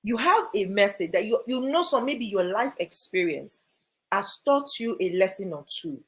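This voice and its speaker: Energetic Nigerian woman. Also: mid-range voice, moderate pace. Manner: energetic and emphatic. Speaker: guest speaker. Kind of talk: lively interview talk.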